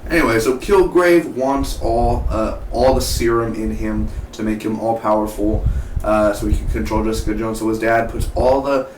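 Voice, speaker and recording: A man giving a casual, excitable spoken review of a TV episode, chatty and full of "man" and "dude". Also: fairly low pitch, normal speed. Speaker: TV show reviewer. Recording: echoey room, mic at a distance, faint background hum.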